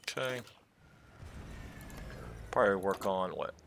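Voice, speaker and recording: An American man casually commenting on a strategy game as he plays, thinking aloud in a relaxed, chatty way. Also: low-pitched, slow pace, creaky, a little hiss or hum. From United States. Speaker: strategy game let's player.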